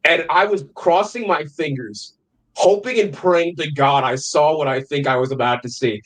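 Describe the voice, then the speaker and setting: A young man co-hosting a film podcast, animated and profane, excitedly retelling scenes in casual chat. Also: on the high side, moderate pace, poor audio. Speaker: podcast co-host.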